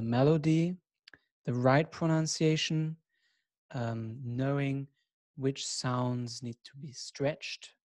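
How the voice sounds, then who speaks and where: A man teaching a recorded course lesson in a measured, reflective way, inviting listeners to take part. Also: mid-range voice, darkish tone, no room sound. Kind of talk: recorded lecture.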